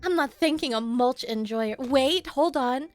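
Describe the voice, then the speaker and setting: A woman's voice: sits high, a little slow, soft background music. A young woman streaming live, chatting with her viewers in a playful, teasing way and laughing often. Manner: teasing banter with chat. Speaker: streamer reacting to chat. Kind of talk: casual live-stream chat.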